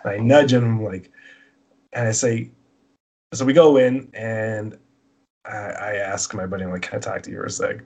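A man's voice: on the low side, fairly even intonation, moderate pace, pauses often, a little mellow. A man casually telling a long personal story, acting out both sides of the dialogue in a rambling way.

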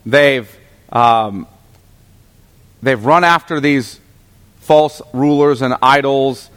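A man's voice: mid-range voice, drawn-out words, fairly bright tone. Man teaching scripture in a big echoing hall. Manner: conversational, asks the class questions, restarts often. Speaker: pastor teaching a Bible class. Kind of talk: Bible teaching lecture.

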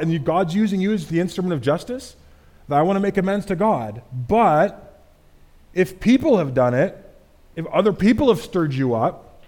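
A man voicing a young king-to-be who pleads with a hostile ruler, in a raised voice. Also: lightly acted. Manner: raised, louder and higher when quoting.

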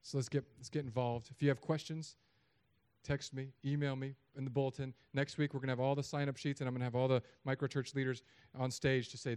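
A man preaching a sermon in a conversational, joking way, swinging between loud emphatic peaks and quiet asides. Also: mid-range voice, flat delivery, fast talker, clean tone.

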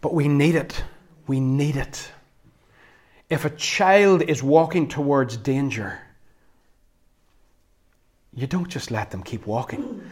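A man with a Northern Irish accent preaching a sermon, conversational and earnest with flashes of wry humor. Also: fairly high pitch. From Northern Ireland. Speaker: pastor.

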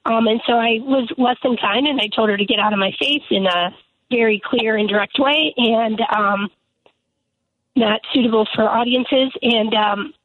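A woman lawmaker calls in to a radio interview, emphatic and indignant in how she argues her case. Her voice sits a little high and sounds husky. It comes through a tinny, dry phone line. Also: moderate pace, no room sound. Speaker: lawmaker guest. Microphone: telephone.

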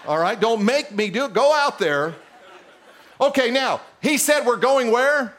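A middle-aged male pastor preaching a sermon in a church, animated and teasing his congregation. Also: very high voice, measured pace.

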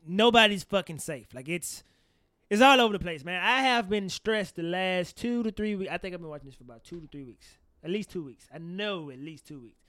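A high, bright-voiced man holds forth on a casual podcast. He talks animatedly and swears freely. The sound is close and dry. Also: a little fast, no room sound. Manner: animated, swearing, laughs often. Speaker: podcast co-host. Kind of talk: casual chat.

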